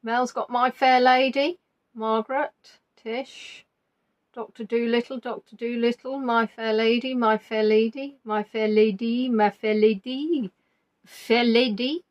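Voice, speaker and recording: Chatty high-voiced quiz host woman. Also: fairly even intonation, measured pace, dull audio. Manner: chatty, teasing, repeats answers aloud. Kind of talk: live online quiz chat.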